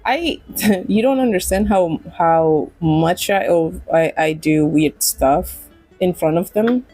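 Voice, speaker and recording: Giggly woman streamer, low and unhurried. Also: mellow, dry recording, faint music behind, poor audio. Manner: giggly and rambling, with frequent laughs and restarts. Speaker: game streamer. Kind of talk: casual streaming chat.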